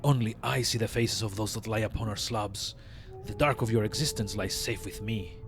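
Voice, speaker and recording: A frail, ancient keeper of the dead speaks in a raspy, hushed rasp, put on by a man reading a game aloud. His words come slow and grave, weighed down by weariness. The voice sits low and quiet. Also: music in the background, close to an everyday voice. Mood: solemn. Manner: slow solemn speech broken by coughing rasp. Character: frail ancient male mortuary scribe, grave and weary.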